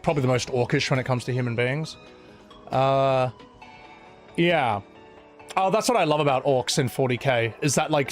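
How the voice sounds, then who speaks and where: A young man casually chatting to his live-stream audience, animated, often laughing and swearing. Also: medium pitch. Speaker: streamer and host.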